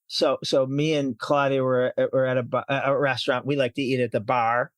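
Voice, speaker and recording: A man's voice: medium pitch, flat delivery, a little fast, no room sound. A middle-aged man hosting a casual chat, telling stories with a teasing, self-mocking edge. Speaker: podcast host.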